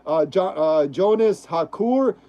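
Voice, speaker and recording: A man's voice: high voice, lively intonation, slow, dark tone, dull audio. A young man casually hosting a live stream, reading chat messages aloud and stumbling over names. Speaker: livestream host.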